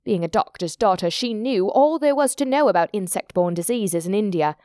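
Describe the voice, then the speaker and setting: A woman narrating a story in a measured, descriptive audiobook reading. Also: medium pitch, darkish tone, no room sound, clean studio sound.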